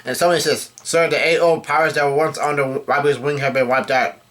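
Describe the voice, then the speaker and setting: In a casual run-through of a comic chapter, a man with a steady, fairly bright voice on the high side reads out the characters' lines plainly. His delivery is halting, full of self-corrections.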